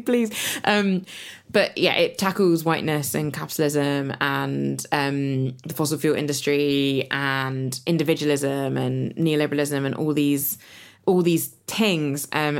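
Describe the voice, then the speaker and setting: Low creaky-voiced woman musing aloud. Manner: reflective, many fillers and restarts. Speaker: podcast co-host and author. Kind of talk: casual conversation.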